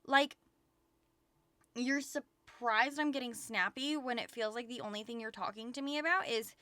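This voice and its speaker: A woman's voice: fairly high pitch, normal speed, pushed and bright, no echo. Profane venting young woman streamer. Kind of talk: casual chat stream.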